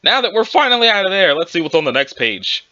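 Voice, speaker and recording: Lively, bright-voiced reader who acts out every character in a comedic webcomic read-aloud. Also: medium pitch, fast talker, muffled recording. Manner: lively voice switching between characters. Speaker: reader doing all characters.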